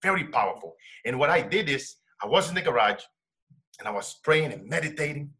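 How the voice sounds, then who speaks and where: A middle-aged man sharing a personal story as an interview guest, emotional and dropping to a hush for quoted words. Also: medium pitch, expressive, brisk. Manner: emotional, drops to a hushed voice when quoting his wife.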